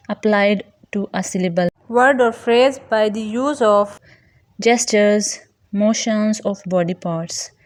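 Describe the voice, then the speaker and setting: A woman teaches grammar at an unhurried pace, reading each definition and example word carefully. Her voice sits at a middle pitch, and her delivery is measured and scripted. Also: darkish tone, dry recording. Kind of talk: slow scripted grammar lesson.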